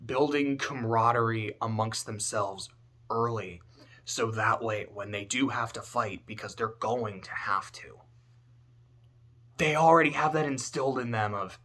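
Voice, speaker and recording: A man talking casually about a story, animated and swearing, swinging between loud outbursts and low muttering. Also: a little slow. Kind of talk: casual spoken commentary.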